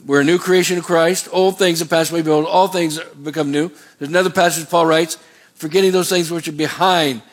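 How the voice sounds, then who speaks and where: A man's voice: fairly high pitch, fairly even intonation, brisk. Man preaching a sermon, raised voice. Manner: preachy, call-and-response questions to the congregation. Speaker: pastor.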